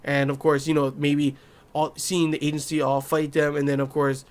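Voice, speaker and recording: A man's voice: a little high, little pitch movement, normal speed. A young man hosting a casual anime review, talking loosely with lots of fillers and acting out scenes. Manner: chatty, loose, filler-heavy, acts out scenes in quoted voices. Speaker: anime reviewer, channel host.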